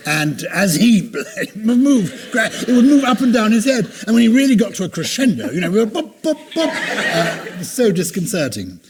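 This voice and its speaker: An older man co-hosting a podcast, telling stories in an animated, theatrical way. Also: high-pitched, moderate pace, hardly any pauses, background noise. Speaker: podcast co-host. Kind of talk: casual chat.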